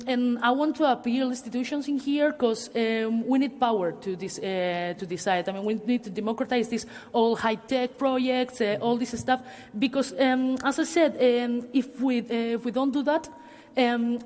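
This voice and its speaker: With a slightly high, darkish voice, a woman contributes to a public panel in a cultural centre hall. Her speech is halting and packed with fillers, captured with long hall reverb.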